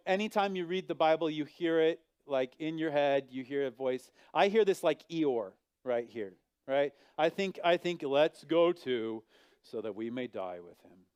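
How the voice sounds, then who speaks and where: A man preaching in a smooth, resonant voice that sits a little above the usual male range. He is an animated pastor who acts out the figures in his story, rising and falling sharply in pitch and volume. The sound is close and dry, with no room echo. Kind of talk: sermon.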